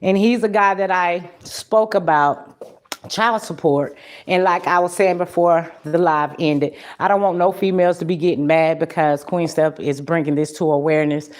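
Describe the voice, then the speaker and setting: Her voice is fairly low with rather even intonation and a normal pace as she hosts a podcast livestream. She's casual and blunt, swears a lot and laughs frequently.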